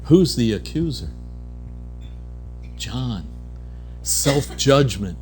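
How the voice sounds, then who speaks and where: A man's voice: medium pitch, animated, slow pace, pauses often, darkish tone, soft background music. A man giving a keynote at a conference, telling mystical stories and acting out the characters in them. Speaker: keynote speaker. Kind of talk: spiritual storytelling lecture. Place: conference hall.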